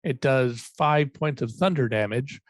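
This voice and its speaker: A man playing a tabletop game, reading out rules step by step in a deliberate way. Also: medium pitch, no echo. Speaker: player.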